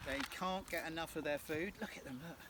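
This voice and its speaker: A man's voice: fairly high pitch, brisk. A man in his thirties giving a chatty, jokey casual tour of farm fields outdoors. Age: 30s. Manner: jokey and chatty, teasing asides. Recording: distant outdoor recording with field noise.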